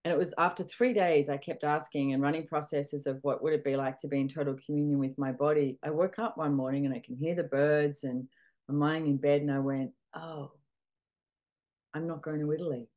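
A middle-aged woman hosting a casual coaching talk, animated, acting out little dialogues and swearing freely. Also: low voice, brisk. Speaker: podcast host and facilitator.

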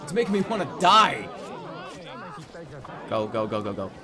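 A man's voice: mid-range voice, sing-song, normal speed, a crowd in the background. A man in his thirties streaming a game, joking sarcastically with frustrated outbursts. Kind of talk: let's play commentary.

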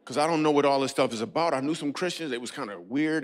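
A playful comedian performs a stand-up set on a church stage before a live audience, speaking quickly and expressively. He riffs with the crowd and breaks into squeaky, goofy voices.

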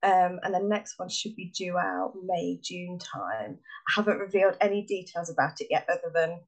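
An English woman chatting on a podcast as a guest author. She talks in a relaxed, hesitant way, dotting her sentences with ums. She laughs easily as she goes. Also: lowish voice, moderate pace, rough recording. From England. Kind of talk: casual podcast chat.

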